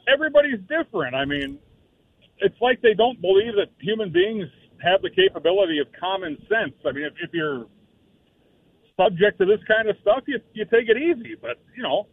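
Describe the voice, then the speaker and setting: A man calling in to a talk radio show as a regular, exasperated and animated. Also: high-pitched, moderate pace, vocal fry, slightly rough. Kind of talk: talk radio chat over the phone. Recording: tinny phone line, dry.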